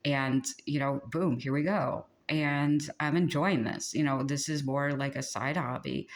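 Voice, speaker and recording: Rambling tarot-style pep talk, lots of "like" and little laughs, kinda exasperated, middle pitch. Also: measured pace. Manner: chatty and rambling, with many fillers and frequent laughs; exasperated and venting. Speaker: spiritual channel host. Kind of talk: casual channeled spiritual pep talk.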